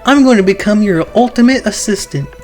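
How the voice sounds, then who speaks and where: A friendly teenage girl, put on by a streamer reading a game aloud chirps along brightly. The voice bounces with lively pitch and stays warm and upbeat. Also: brisk, soft background music, natural voice. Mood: cheerful.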